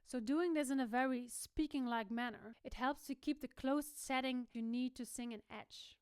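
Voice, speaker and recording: Over music, a young vocal coach runs a singing lesson at a moderate pace, her slightly high voice steady with few pauses. She alternates between explaining and giving sung or spoken demonstrations of the sounds.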